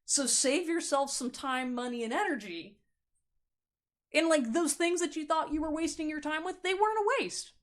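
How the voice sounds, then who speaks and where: Lively, blunt woman giving a tarot reading. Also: high-pitched, normal speed. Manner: animated, blunt and playful, often laughing. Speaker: tarot reader. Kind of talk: pick-a-card tarot reading to camera.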